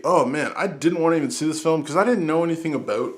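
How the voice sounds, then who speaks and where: A man hosting a casual movie podcast, talking excitedly and rambling with frequent restarts as he counts down his favorite films. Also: fairly high pitch, fast talker. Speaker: podcast host. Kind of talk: casual movie-list talk.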